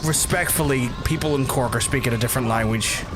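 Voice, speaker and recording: A man's voice: medium pitch, a little fast, music in the background. A man with a Belfast accent streaming a game, chatting to his viewers in a joking, rambling, foul-mouthed way. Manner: joking, profane, rambling asides to chat. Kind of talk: casual gameplay commentary. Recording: game sounds under the voice.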